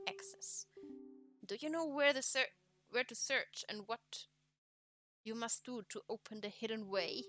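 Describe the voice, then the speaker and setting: A woman with a German accent reading aloud the lines of a wise old king who is a talking boat, in a plain, measured way. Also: mid-range voice, pushed and bright. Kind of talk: reading game dialogue aloud.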